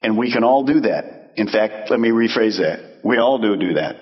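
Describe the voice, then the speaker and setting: A man preaching a sermon as pastor, animated and acting out quoted voices. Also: lowish voice, moderate pace, highs cut off.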